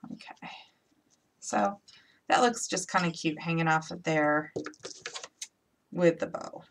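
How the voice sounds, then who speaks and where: A woman's voice: fairly low pitch, a bit bright. A woman chatting to viewers as she demonstrates a craft project in a casual live tutorial. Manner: chatty, talks to viewers while working.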